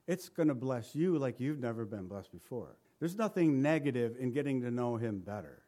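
A man's voice: mid-range voice, normal speed. A man preaching an Easter sermon, asking the congregation questions and quoting scripture. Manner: animated, rhetorical questions to the congregation; quotes scripture in old-style wording. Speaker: pastor.

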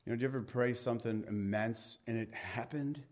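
A man giving a verse-by-verse Bible teaching, reading scripture aloud and then explaining it in lively, everyday speech, often dropping low and quiet to close a point. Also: fairly quick. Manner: animated, reads scripture aloud then paraphrases it conversationally.

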